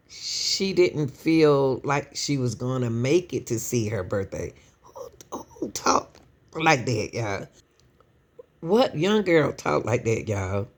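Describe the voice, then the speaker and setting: Lady host doing true crime commentary, kinda gravelly, keeps asking y'all what they think. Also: extremely low pitch. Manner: keeps addressing the audience as y'all, asks rhetorical questions. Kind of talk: emotional casual commentary to viewers.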